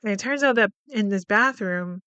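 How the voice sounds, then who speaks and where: A woman's voice: mid-range voice, moderate pace, fairly bright tone, clean tone, no room sound. A woman hosting a podcast, recapping a film in a casual, chatty way, full of "like" fillers and freely swearing. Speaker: podcast host.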